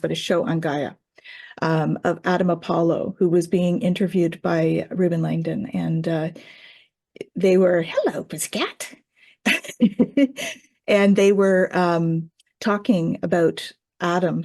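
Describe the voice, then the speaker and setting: A woman's voice: lowish voice, creaky, dark tone. A woman who teaches Reiki tells a personal story in casual chat, acting out quoted voices and laughing often.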